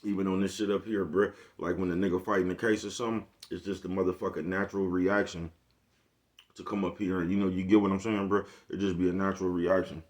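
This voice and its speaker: A vlogger with a low-pitched voice talks fast and flat in a laid-back, casual monologue. He's full of profane slang and keeps checking in with the listener.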